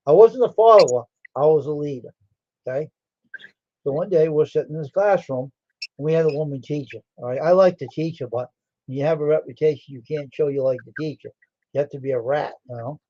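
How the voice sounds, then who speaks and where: A man's voice: medium pitch, a little fast, dark tone, no echo, lo-fi sound. A man casually telling a long, rambling story from his school days on a livestream, breaking into quoted voices. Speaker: livestream host.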